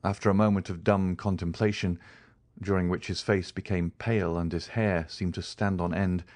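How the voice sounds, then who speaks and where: A man reading a classic novel aloud as an audiobook narrator, in a measured, dramatic way. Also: low-pitched, fairly even intonation, a little mellow, no room sound. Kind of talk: scripted narration.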